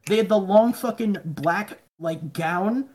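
A man's voice: high voice, slow, darkish tone. A man, a podcast guest, telling rambling stories in casual chat, swearing often and mumbling the voices of people he quotes.

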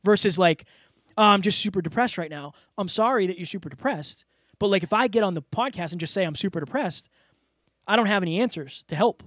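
A man's voice: high-pitched, lively intonation, quick pace, a bit bright, dry recording, studio quality. A man talking openly and earnestly as a podcast guest, with lots of "like" and "you know" fillers. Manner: earnest, open, filler-heavy. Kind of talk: casual interview talk.

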